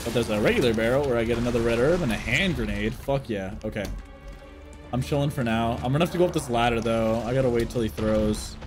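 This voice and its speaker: A young man giving live gameplay commentary as a streamer, swearing often and shouting at enemies. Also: mid-range voice, quick pace. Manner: animated, swears a lot, laughs and shouts at enemies. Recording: game music in the background.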